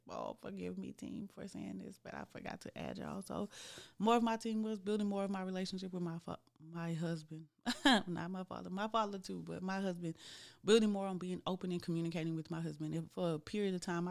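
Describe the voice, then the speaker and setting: Her voice is lowish with a somewhat dark tone. In her thirties and hosting a podcast, she tells her listeners a frank, faith-filled story from her own life, speaking straight to them.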